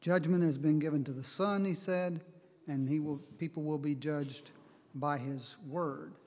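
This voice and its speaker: A man preaching a sermon, reading scripture in a measured way and explaining it. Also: fairly high pitch, fairly even intonation, a little mellow, long reverb tail. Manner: measured Bible reading and teaching, slow on quoted verses.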